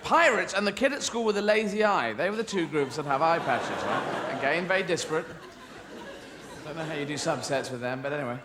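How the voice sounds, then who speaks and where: A man's voice: fairly high pitch, expressive, a little fast, a crowd in the background. A man performing stand-up comedy in a rambling, whimsical way, often breaking off and interrupting himself. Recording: loud background noise.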